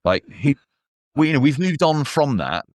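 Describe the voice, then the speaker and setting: A man's voice: a little high, sing-song, moderate pace, a little mellow, no room sound. A man guest on a podcast, chatting casually with rambling, self-mocking asides. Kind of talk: casual chat.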